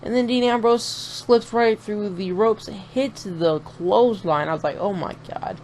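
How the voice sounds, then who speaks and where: A man's voice: high voice, a little slow, a little mellow, slight background noise. Profane, rambling man reviewing a show. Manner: profane, rambling, opinionated ranting. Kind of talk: casual reaction vlog.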